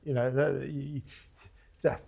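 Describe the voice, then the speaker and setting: A man's voice: mid-range voice, little pitch movement, slow, gravelly, warm tone. A man hosting a TV interview, asking questions in a hesitant way with frequent fillers and restarts. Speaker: talk show host. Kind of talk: conversational TV interview.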